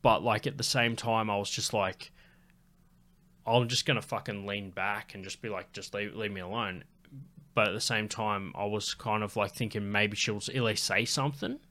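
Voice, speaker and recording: A man's voice: on the low side, moderate pace. A young man telling a loose, profanity-heavy story as a podcast host in casual chat. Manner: loose, swearing, animated storyteller.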